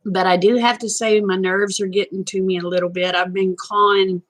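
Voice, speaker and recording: A woman's voice: medium pitch, little pitch movement, normal speed, a bit bright. A woman chatting casually with viewers on a live stream, folksy and talkative. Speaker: vlogger.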